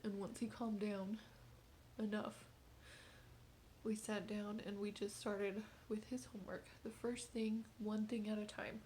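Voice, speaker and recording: A woman in her thirties recounting a hard evening with her son in a personal video diary, speaking softly and haltingly, often close to a whisper, and tearful at times. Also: medium pitch, level tone, slight background noise. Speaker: mother.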